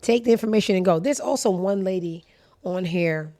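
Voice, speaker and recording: A woman's voice: mid-range voice, brisk, dark tone. A woman hosting a casual commentary show, sassy, blunt and profane, speaking. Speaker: host.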